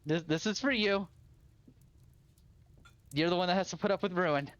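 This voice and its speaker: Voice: mid-range voice, moderate pace, no room sound, dull audio, natural voice. A game master voicing a hospitable male tavern keeper in a tabletop game. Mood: friendly. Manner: friendly, hospitable.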